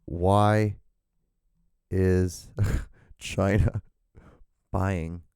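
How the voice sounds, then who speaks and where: Man, podcast host, low-pitched, warm dark tone, casual profane ranting. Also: level tone, drawn-out words, smooth, dry recording, clean studio sound. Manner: rambling and profane, rants with frequent restarts. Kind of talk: casual solo podcast rambling.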